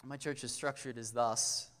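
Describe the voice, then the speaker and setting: A man preaching a casual sermon at a youth camp, joking and talking straight to the audience with quick asides. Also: medium pitch, fairly bright tone.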